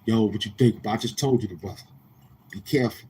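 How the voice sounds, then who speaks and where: A man from Queens speaks quickly in a fairly low, darkish voice with a New York accent, over a little hiss or hum. Hosting a casual livestream, he's brash, profane and confrontational with his viewers.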